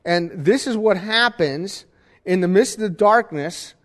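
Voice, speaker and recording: A man's voice: high voice, expressive, unhurried. A man preaching a sermon in a church, talking conversationally and asking the congregation questions. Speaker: pastor. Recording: reverberant hall.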